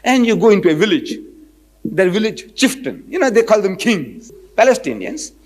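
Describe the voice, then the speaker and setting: Man, lecturer, storytelling talk, high voice, lively swooping pitch, acts out dialogue. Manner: animated, acts out both sides of a debate; quotes scripture in a measured cadence. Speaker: Islamic lecturer.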